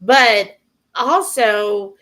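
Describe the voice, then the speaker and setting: A woman co-hosting a casual chat, prompting with questions and filling pauses with ums. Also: mid-range voice, a bit bright. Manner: chatty, many fillers, prompting questions.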